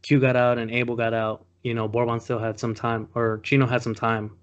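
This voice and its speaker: A man on a podcast in relaxed chat, prompting the others with questions. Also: mid-range voice, a little fast. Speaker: podcast co-host. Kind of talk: casual chat. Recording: dull lo-fi sound.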